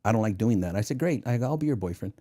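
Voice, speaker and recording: A man in a casual interview who tells his stories with a lively, swinging pitch. He acts out the other people in his anecdotes and often laughs at his own jokes. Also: rapid-fire. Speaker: guest, former federal agent.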